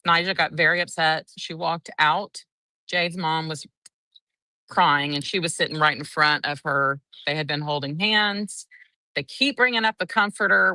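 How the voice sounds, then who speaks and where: A woman's voice: fairly low pitch, moderate pace, sharp tone, dry recording, far from the mic. A woman, casually recapping a trial day and acting out the quotes in a chatty, breathless way. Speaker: courtroom trial reporter.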